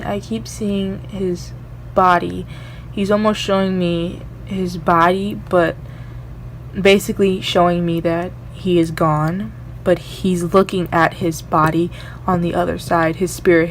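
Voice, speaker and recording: A woman's voice: medium pitch, slight background noise. A young woman doing a psychic medium reading for her vlog, earnest and rambling, repeating her phrases.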